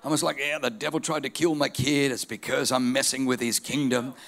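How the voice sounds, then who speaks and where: A middle-aged male pastor preaching a sermon, telling stories with energy and building to shouted declarations. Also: mid-range voice, fairly even intonation, fairly quick.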